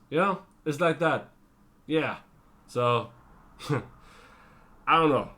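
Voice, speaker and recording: A tired man giving a casual spoken TV review, rambling with lots of fillers and self-corrections and slipping into quick character impressions. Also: a little high, pushed and bright. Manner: breaks into brief character impressions. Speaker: TV show reviewer.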